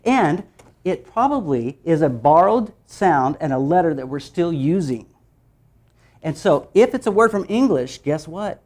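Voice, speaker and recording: A woman presenting a phonics teaching workshop, playful and animated, acting out letter sounds and laughing as she goes. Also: low-pitched, a little slow.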